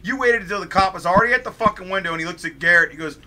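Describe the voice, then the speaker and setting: A young man from Ohio telling a wild story while playing a game, swearing constantly and animated. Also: sits high, rapid-fire. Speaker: let's play co-host. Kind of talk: profane storytelling during a game.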